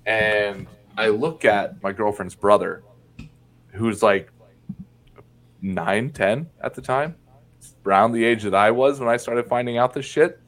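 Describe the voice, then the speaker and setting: A young man from Indiana recounts a family story as a podcast guest. His voice sits on the low side, and he talks bluntly, swearing as he goes. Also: a little slow, long pauses, fairly bright tone. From Indiana, USA. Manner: candid and blunt, swears freely. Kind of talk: casual storytelling in conversation.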